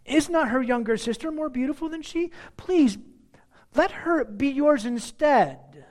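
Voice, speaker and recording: A man's voice: extremely high pitch, animated, a little slow, darkish tone, pitched above the performer's own voice. A man reading aloud the lines of an anxious father who pleads in a rising voice. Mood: pleading.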